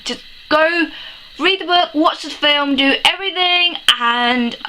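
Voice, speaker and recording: A young woman gushes through a casual film review, sniffly from crying and rambling from one exclamation to the next. Her voice is bright and sits a little high. A faint hiss runs behind her. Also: measured pace, poor audio. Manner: gushing, rambling, exclaims often, laughs through tears.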